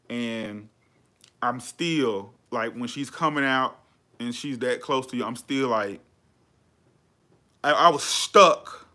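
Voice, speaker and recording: Chatty, bright-voiced male podcast host. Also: mid-range voice. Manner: animated, chatty, lots of slang and fillers. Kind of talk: casual chat.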